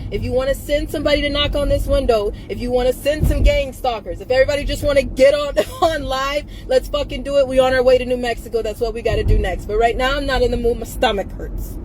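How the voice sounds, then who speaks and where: In this vlog rant recorded in a car, a weary young social media activist speaks defiantly and bluntly to her phone camera, saying things again for emphasis. Her voice is high, and the background is noisy.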